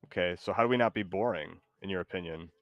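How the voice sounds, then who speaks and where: A man's voice: low-pitched, fast talker, no room sound, highs cut off. A man streaming live, chatting with his AI co-host in a rambling way full of fillers.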